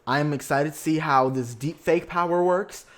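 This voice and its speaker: Sassy young guy doing a podcast recap, kinda high voice, swears a lot, super excitable. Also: moderate pace. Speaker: podcast host. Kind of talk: casual reality-TV recap.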